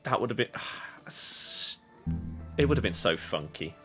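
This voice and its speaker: A man's voice: on the low side, animated, slow pace, a bit bright. A man playing as a guest in a gaming video, thinking aloud in a muddled, self-questioning way. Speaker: guest player. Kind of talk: casual gaming chat. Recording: music playing faintly behind.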